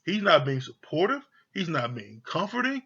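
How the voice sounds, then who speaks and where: A man's voice: on the high side, very animated, normal speed, pushed and bright, breathy edge, lo-fi sound. A man giving a heated, profane rant reviewing a reality TV show, exasperated and repeating his points for emphasis.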